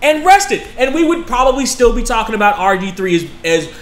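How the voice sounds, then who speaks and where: High-voiced man in an echoey room. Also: a little fast. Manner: excitable, profane. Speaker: podcast co-host. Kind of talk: casual chat. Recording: echoey room with faint noise.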